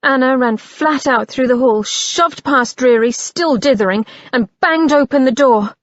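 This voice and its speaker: A woman narrating an audiobook in a measured, expressive reading. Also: sits high, no echo, highs cut off.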